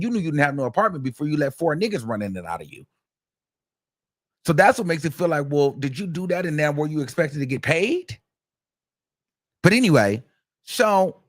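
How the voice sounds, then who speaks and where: A man hosts a casual commentary, recapping events in a chatty, gossipy way. His voice sits somewhat high and moves through a wide, lively range. The sound is close and dry, with no room around it. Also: no echo. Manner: animated, gossipy, acts out quoted texts in a raised voice. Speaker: commentary host.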